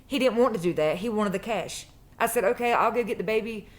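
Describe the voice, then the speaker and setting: A woman's voice: medium pitch, a little fast. Woman, mid-range voice, emphatic casual storyteller. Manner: emphatic, repeats phrases for stress. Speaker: true crime vlogger.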